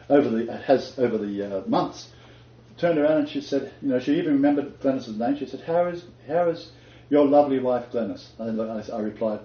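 An older man giving an emphatic, conversational faith talk, chuckling now and then and quoting scripture. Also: medium pitch. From Australia. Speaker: Christian teacher. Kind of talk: conversational sermon-style talk. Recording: echoey room, dull lo-fi sound.

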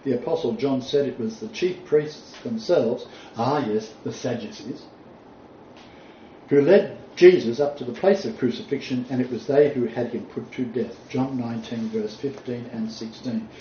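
A man preaching a sermon, reading scripture aloud and stressing key points with deliberate emphasis. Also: mid-range voice, warm tone, a little hiss or hum. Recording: distant mic, roomy echo, dull sound.

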